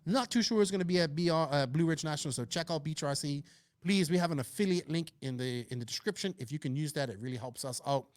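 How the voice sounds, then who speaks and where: An upbeat man hosts a casual podcast, chatting loosely and reading listener questions aloud. His voice sits a bit high. The sound is dry and close, with no room around it. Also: fast, no echo. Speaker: podcast host.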